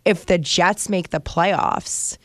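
A chatty middle-aged woman from New Jersey tells stories in a relaxed co-host banter, her voice sitting a little low for a woman. The sound is dry and close, with no room around it. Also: slow pace, no room sound. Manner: chatty, animated storyteller with frequent fillers. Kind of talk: casual chat.

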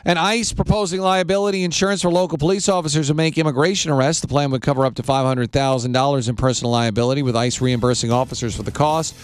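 A man reading a scripted radio newscast as anchor, in a crisp, measured news delivery. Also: a little high, steady tone, a little hiss or hum.

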